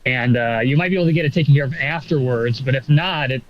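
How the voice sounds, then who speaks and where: A man's voice: medium pitch, fast, dull audio, a little hiss or hum. A man chatting casually as a podcast co-host, rambling with lots of fillers and swearing. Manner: rambling, many fillers and profanity. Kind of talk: casual chat.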